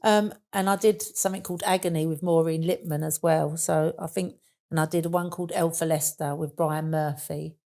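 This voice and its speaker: Gravelly low Cockney woman. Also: steady tone, moderate pace, darkish tone. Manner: chatty storytelling with fillers like "and that". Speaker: guest. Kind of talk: casual interview chat.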